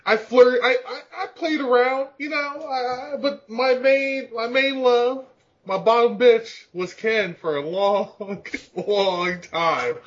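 A man's voice: very high-pitched, takes it slowly, dull audio. A man in his thirties chatting casually on a podcast, crude and joking, laughing often.

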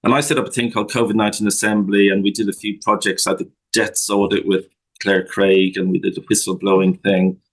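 A man joins a talk radio show as a guest. His voice is fairly low, and he talks in a friendly, chuckling way, often stopping and restarting his sentences. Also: level tone, a little fast, rough recording. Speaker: guest, campaign founder. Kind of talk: radio interview.

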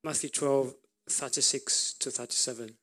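A man preaching a sermon, telling a story with pauses and restarts. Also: mid-range voice, steady tone, a bit bright, faint music behind. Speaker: pastor.

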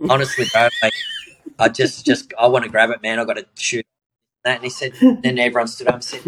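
A man's voice: mid-range voice, level tone, fairly quick, a bit bright, poor audio. A man, a jiu-jitsu professor on a podcast, telling a story in a casual way and acting out the other people's lines. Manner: acts out the voices in his story, chuckles through punchlines.

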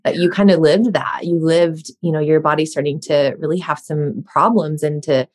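A woman's voice: low-pitched, steady tone, normal speed, darkish tone. A woman in her thirties hosting a conversation, chatty and self-deprecating, laughing often as she talks. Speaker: host. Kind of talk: casual podcast chat.

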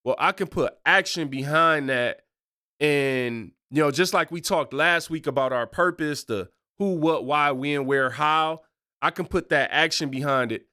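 Bright-voiced, slangy male podcast host. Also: fairly high pitch, a little slow, clear, resonant tone, dry recording, studio quality. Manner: loose, slangy and digressive. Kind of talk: casual faith podcast talk.

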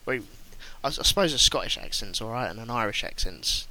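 A man's voice: medium pitch, animated, fast talker, pushed and bright, rough recording. A man from England with an English accent, hosting a casual podcast chat over a remote call, cheery and self-deprecating. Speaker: podcast host.

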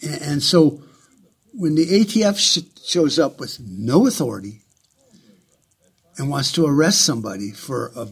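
A man delivering a heated, profane, sarcastic ranting monologue in a husky voice. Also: a little high, expressive, unhurried, long pauses.

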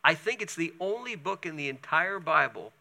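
A male pastor preaching a sermon, telling the story in an animated way with chatty asides. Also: a little high, moderate pace, gravelly.

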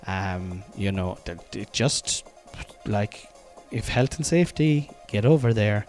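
A comedian in his thirties with a Cork Irish accent hosts a podcast, delivering a loose, chatty, self-deprecating monologue full of fillers and restarts. His voice sits fairly low, with lively intonation and a slow pace, a little mellow, and faint music plays behind him.

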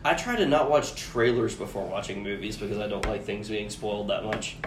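A man's voice: lowish voice, brisk, slight background noise. Easygoing man podcasting in an echoey room. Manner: easygoing, hesitant, restarts often. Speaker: podcast co-host. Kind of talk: casual chat.

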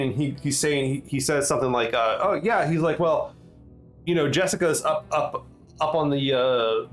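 A man narrating as game master at a mid pitch, halting through his story with plenty of ums and restarts. Faint music plays quietly behind him. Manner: halting, filler-heavy narration with many restarts.

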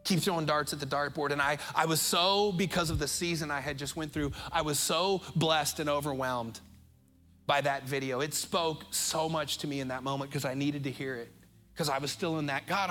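A middle-aged man with an American accent preaching a sermon as pastor, earnest and openly emotional, slowing right down on key phrases. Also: fairly high pitch, pushed and bright. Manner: emotional, earnest, speeds up and slows down for emphasis.

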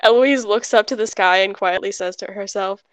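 A woman's voice: mid-range voice, no room sound. A woman playing a tabletop game, giggling a lot and narrating her character's reactions. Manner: giggly, slow-spoken, animated. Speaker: player.

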